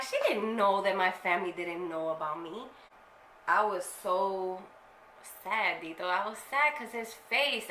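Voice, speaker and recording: A young woman with a bright, forceful voice tells a personal story straight to her viewers. She talks candidly in slang and swears freely. The room is echoey and there is a faint hiss. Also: medium pitch. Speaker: vlogger. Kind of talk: casual storytelling to camera.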